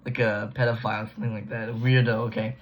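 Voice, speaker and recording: A man's voice: on the low side, little pitch movement, fast talker, a little hiss or hum. Rambling slangy guy recapping a book. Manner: slangy, restarts often, trails off. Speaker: book reviewer. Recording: dull lo-fi recording.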